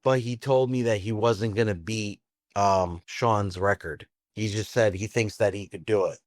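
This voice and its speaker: Male pizzeria owner, chatty and animated, acts out quotes. Lowish voice, dry close recording. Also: moderate pace, no echo. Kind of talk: casual storytelling.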